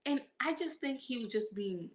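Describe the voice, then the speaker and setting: A woman's voice: sits high, normal speed, crowd noise. A woman in casual conversation, telling a long anecdote with lots of laughter and quoted back-and-forth. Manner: animated storytelling, acts out quotes, laughs often. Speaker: guest vlogger. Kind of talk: casual chat.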